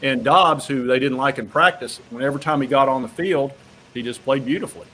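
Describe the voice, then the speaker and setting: A man's voice: mid-range voice, brisk, a little hiss or hum. Rambling male sports talk host. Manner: relaxed, rambling with many restarts.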